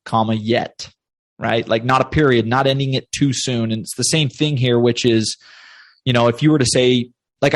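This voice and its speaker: A man's voice: mid-range voice, dry recording. A male podcast guest speaking in an emphatic, motivational way and often playing out little bits of inner self-talk. His talk is casual and full of "like" and "dude". The recording is dry and close, with no room sound.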